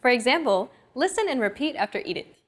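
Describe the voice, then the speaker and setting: A woman hosting a language lesson, explaining pronunciation in clear, measured scripted narration. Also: a little high, big pitch swings, fairly bright tone. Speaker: lesson host.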